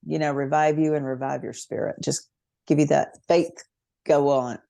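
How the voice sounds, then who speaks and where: A woman's voice: low-pitched, fairly even intonation, moderate pace, creaky, dark tone. A woman hosting a podcast interview, asking questions and encouraging her guest as she listens. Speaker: podcast host.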